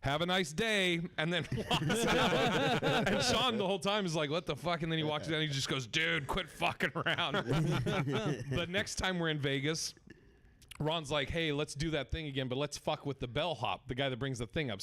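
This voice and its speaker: A man with a slightly higher voice tells a rowdy story on a live comedy podcast. He throws himself into it, acting out quotes and shouting lines as he laughs through the telling. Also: normal speed. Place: festival stage with live audience.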